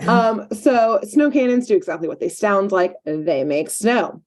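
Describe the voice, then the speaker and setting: A woman's voice: medium pitch, expressive, measured pace, a little mellow. Chatty woman co-host recapping a cartoon. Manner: chatty, frequent "like" and "um" fillers. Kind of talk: casual chat.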